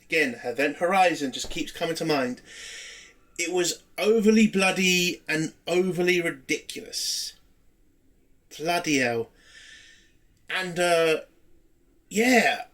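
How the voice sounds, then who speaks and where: Male reviewer, slightly high voice, dry sarcasm and frequent swearing. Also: slow, pauses often, fairly bright tone. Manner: sarcastic, swearing, rambling recap. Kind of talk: casual spoken review.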